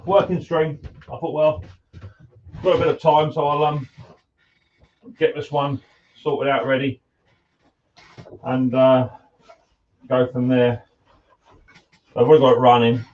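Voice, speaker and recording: A man's voice: a little high, level tone, measured pace, long pauses, darkish tone, distant mic, muffled recording. A man chatting casually to viewers on a live stream while he works, greeting them as mate and buddy. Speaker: live-stream host, mower repairer. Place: home workshop.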